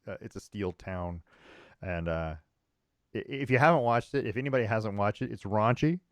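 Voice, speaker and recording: A man's voice: on the low side, dry recording, studio quality. A man co-hosting a sports podcast, chatting casually with many fillers and restarts. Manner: rambling, frequent restarts and fillers, chuckling. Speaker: podcast co-host.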